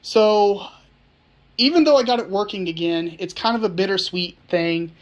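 A woman's voice: mid-range voice, moderate pace, highs cut off. A woman narrating a casual computer repair vlog, chatty and thinking aloud with frequent restarts.

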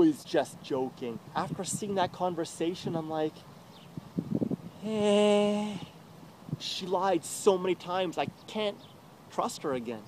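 A man's voice: on the high side, background noise. A young man in an emotional confessional rant, agitated and profane, rambling and swinging between muttering and outbursts, recorded outdoors in a city.

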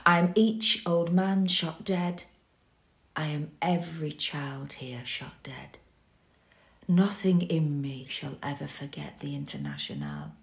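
A woman reads a poem aloud with grave, dramatic weight, taking it very slowly. Her fairly low voice carries a gravelly edge. She sinks to hushed whispers and swells to loud cries. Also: lively intonation. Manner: slow and grave, dropping to whispers and rising to cries. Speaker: poetry reader. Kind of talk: dramatic poetry reading.

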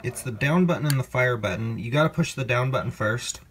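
A man casually walking viewers through a device's menu settings in a relaxed, conversational way, correcting himself as he goes. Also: mid-range voice, fairly quick, slight background noise. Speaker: product reviewer. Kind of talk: casual how-to demonstration.

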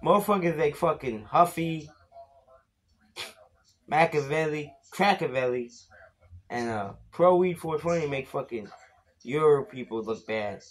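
A man in a rambling vlog, tipsy, cursing and insulting commenters, breaking into sudden loud yells. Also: a little high, lively intonation, a little slow, long pauses. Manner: slurred, profane and insulting, with sudden shouts. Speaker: beer vlogger. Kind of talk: rambling profane vlog rant.

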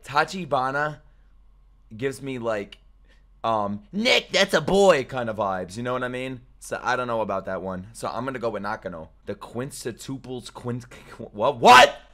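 A young man streaming casual reaction commentary, excitable and profane, jumping between loud outbursts and mumbled asides. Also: a little high.

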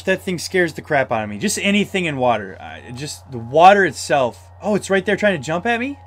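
A man playing a horror puzzle game as a let's-play, easily startled, yelling when scared and talking himself through the tense parts. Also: a little high, a little fast, hardly any pauses. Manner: excitable, shouts in fright, talks himself through scares. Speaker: gamer.

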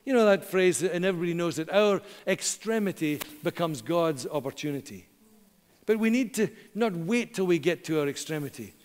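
A middle-aged man preaching a sermon as pastor, earnest, slowing down and pausing for emphasis. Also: on the high side, expressive. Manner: earnest, dramatic pauses, slows for emphasis. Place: church hall. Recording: long church reverb.

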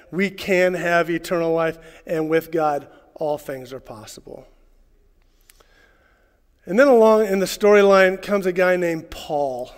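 A man preaching a sermon as pastor, swinging from loud, fervent lines to soft, hushed asides. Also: on the high side, big-room sound. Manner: preacherly, rising to shouts and dropping to hushed tones. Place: church sanctuary.

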